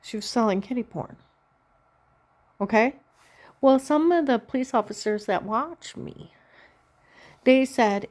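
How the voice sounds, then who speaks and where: A woman vlogging in a rambling personal monologue, telling a long story plainly and slowly and often checking in with "Okay?". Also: on the high side, a little mellow.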